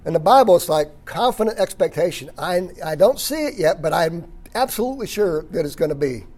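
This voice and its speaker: A man teaching a Bible study lecture, reading passages aloud, stressing key words and often clearing his throat. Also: fairly high pitch, animated, a little fast, a little mellow. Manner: emphatic on key words, occasional chuckle.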